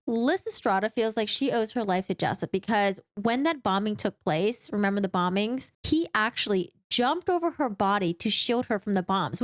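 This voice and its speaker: A woman retells a book plot in a loose, chatty way, full of asides and fillers. Her voice sits somewhat high. The sound is dry and close. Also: no echo. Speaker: streamer recapping a book. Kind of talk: casual story recap.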